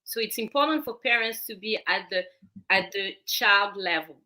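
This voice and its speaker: A woman's voice: mid-range voice, moderate pace, pushed and bright. A woman with a French accent, a parenting coach explaining her method step by step as a guest on a talk show. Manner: explains step by step, repeating phrases.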